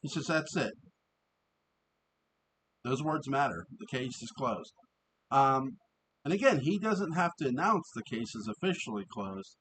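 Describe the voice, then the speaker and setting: A man giving a casual, rambling review of an old TV episode. He often restarts, fills pauses and laughs as he talks. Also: mid-range voice, sing-song, a bit bright, slightly rough, rough recording.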